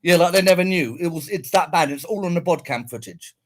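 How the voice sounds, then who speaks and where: A man with a voice on the high side talks a little fast as he angrily recounts a run-in with police. In this bitter personal rant, he swears constantly and repeats himself.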